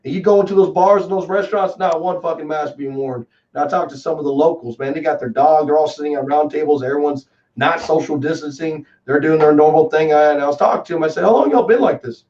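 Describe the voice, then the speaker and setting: A man from Texas in casual chat as a guest, telling rambling, animated stories with lots of fillers. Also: a little high, fast. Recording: distant, dull lo-fi call audio.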